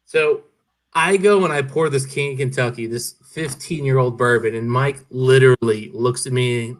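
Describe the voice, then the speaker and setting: A man in casual chat, telling an animated story and swearing freely. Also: mid-range voice, moderate pace.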